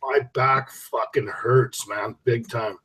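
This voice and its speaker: A man's voice: mid-range voice, fairly even intonation, takes it slowly, fairly bright tone, husky. A man chatting casually on a podcast, blunt and swearing freely. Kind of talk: casual chat.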